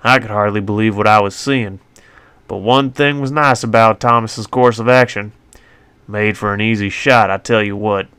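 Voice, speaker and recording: A man's voice: fairly low pitch, fairly even intonation, moderate pace, pushed and bright, clear, resonant tone, dry recording. A man narrating his own western story in a folksy, colloquial first-person voice on a close mic.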